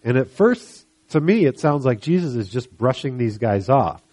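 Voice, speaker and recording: In his sermon, a pastor speaking at medium pitch and a moderate pace brings a Bible story to life, animatedly voicing the people within it.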